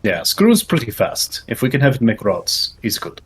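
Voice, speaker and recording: A man's voice: mid-range voice, wildly swooping pitch, normal speed, slightly rough. A male streamer chatting while he plays, putting on a fake Russian accent and dropping his articles. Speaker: streamer and host. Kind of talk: casual gaming livestream chat.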